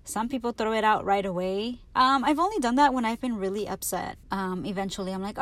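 A woman's voice: a little high, expressive, fairly quick, hardly any pauses, no room sound. A young adult woman hosting her podcast, telling candid stories in a casual, profane way and laughing often. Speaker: podcast host. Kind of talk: casual storytelling monologue.

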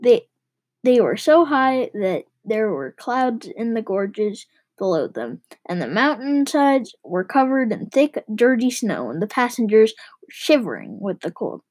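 A woman reading a novel aloud with lively, expressive storytelling. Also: on the high side, measured pace, poor audio. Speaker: reader.

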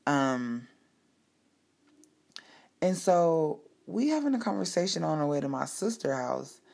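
Gravelly-voiced woman telling a candid story. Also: sits low, measured pace. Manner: candid, profane, animated and emphatic; speaks to listeners directly. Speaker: storyteller sharing personal life. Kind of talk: casual personal storytelling.

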